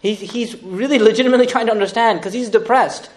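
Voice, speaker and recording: Man, Islamic teacher, animated scripture lecture, high voice, rapid delivery. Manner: lively, laughing asides, dramatic retelling.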